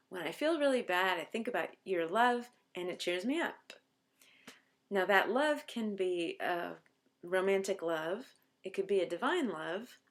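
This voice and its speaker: A middle-aged woman, a college professor, explaining a poem line by line and reading its verses aloud slowly. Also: on the low side. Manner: slows down to recite verse aloud. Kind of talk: line-by-line poetry lecture.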